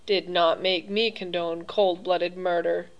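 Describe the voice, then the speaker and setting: A woman's voice: lowish voice, flat delivery, unhurried, dull audio. Woman reading as a stiff, indignant young man. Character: stiff, principled young male hunter. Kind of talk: audiobook reading.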